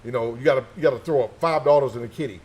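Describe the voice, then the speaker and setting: A man's voice: mid-range voice, racing, a little mellow. A middle-aged man, a former sniper instructor, telling stories in casual chat, acting out quoted dialogue and repeating names for effect. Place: gun shop.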